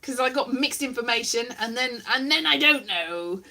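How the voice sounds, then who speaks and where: A woman's voice: on the high side, animated, normal speed, sharp tone. A young woman vlogging casually to live viewers, rambling and self-mocking, now and then slipping into silly voices.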